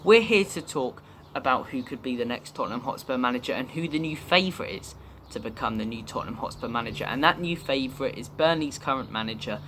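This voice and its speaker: Young male fan-channel host, chatty and opinionated, mid-pitch, audible noise behind. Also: animated, fast talker, fairly bright tone. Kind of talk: casual fan commentary to camera.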